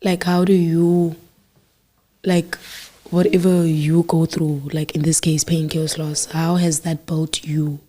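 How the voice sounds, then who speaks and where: Interviewer, female, low husky voice, hesitant and filler-heavy phrasing. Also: flat delivery, slow, mellow. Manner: hesitant, many fillers before questions. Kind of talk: casual interview questions.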